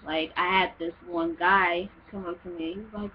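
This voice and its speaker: A woman's voice: fairly low pitch, fairly even intonation, normal speed, muffled recording, slight background noise. A young woman from Nigeria, talking casually to her viewers in an exasperated, chatty way, full of "you know" and "like". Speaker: vlogger. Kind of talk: casual vlog rant.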